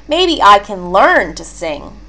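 A woman's voice: medium pitch, sing-song, slow, gravelly, fairly bright tone, full character voice. A woman voicing a small, eager young male duck in a storybook reading, earnest and pleading.

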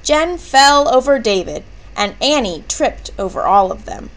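Woman narrator for a kids' picture book, high and animated, unhurried. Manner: expressive, character voices with excited shouts. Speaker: reader. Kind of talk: children's book read-aloud.

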